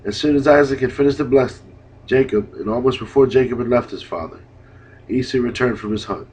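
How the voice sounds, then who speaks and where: Husky male Bible reader. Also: mid-range voice, a little fast, darkish tone. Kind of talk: scripted narration. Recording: dull lo-fi recording.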